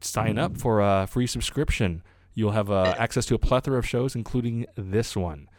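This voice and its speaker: A man's voice: on the low side, moderate pace, dry recording. Male podcast host, chatty and upbeat, dry close mic. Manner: upbeat, filler-heavy host patter. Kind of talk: casual chat over beers.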